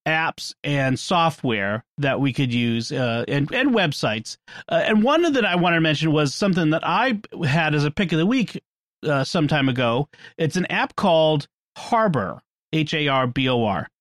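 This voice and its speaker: A man with a Boston accent hosts a podcast in a rambling, jokey way, laughing often. His voice sits a bit high for a man. The recording is close and dry. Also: a bit bright, no room sound. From New England. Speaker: podcast host. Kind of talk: casual chat.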